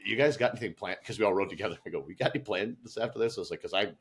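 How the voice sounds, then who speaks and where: A man's voice: lowish voice, very fast. A young adult man co-hosting a podcast, telling a story in casual chat and laughing through it. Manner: animated storyteller, laughs through his anecdotes. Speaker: podcast co-host.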